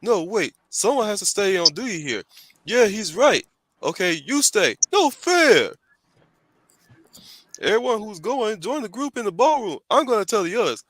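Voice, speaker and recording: A man voicing a rowdy henchman goon in a raised, high voice. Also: very animated, normal speed, a bit bright, no room sound, full character voice. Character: excitable male henchman goon.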